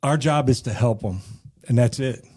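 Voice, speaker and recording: Mellow-voiced man chatting on a podcast. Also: medium pitch, normal speed. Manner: animated, repeats words when starting a thought. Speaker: podcast co-host. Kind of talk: casual chat.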